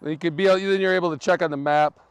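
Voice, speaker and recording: A man's voice: fairly high pitch, steady tone, quick pace, clean tone, no echo. A man hosting a casual live vlog outdoors in freezing weather, chatting and laughing with his viewers. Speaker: livestream host. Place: outdoors in freezing wind and snow. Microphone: camera on a tripod.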